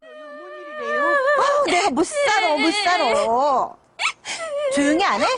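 Shrill, exasperated scolding mother. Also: very animated, very fast, very noisy. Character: exasperated middle-aged mother scolding her crying daughter. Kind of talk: television drama acting.

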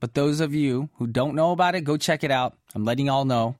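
Speaking fairly quickly in a medium, darkish voice, a man hosts a radio show and reads messages from listeners. His chat is casual and full of playful "mm-hmm" and "y'all" asides, captured in studio quality with no room sound.

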